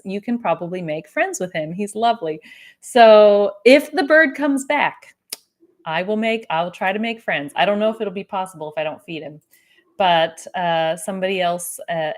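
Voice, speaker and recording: Chatty woman hosting a podcast. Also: mid-range voice. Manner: chatty and self-correcting, with light laughter. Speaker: podcast host. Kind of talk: casual solo podcast, reading live comments aloud.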